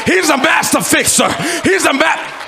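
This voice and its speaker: High-pitched shouting male preacher. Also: normal speed, creaky, over music, crowd noise. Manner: shouting, exhorting preacher with fiery, rhythmic delivery. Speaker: pastor. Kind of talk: sermon. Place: church sanctuary. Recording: live church service with congregation noise.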